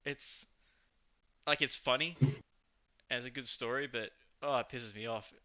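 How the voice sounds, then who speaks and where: A man co-hosting a podcast, telling a story in a casual, animated way, swearing freely and acting out what people said. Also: mid-range voice, measured pace, dull audio. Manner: animated, swearing, acts out quotes. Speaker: podcast co-host.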